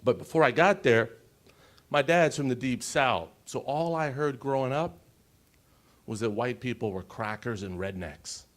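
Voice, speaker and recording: A man in his forties telling his personal story on a conference stage, emotional and pausing, often asking the audience questions. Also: mid-range voice, fairly bright tone. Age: 40s. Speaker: conference speaker.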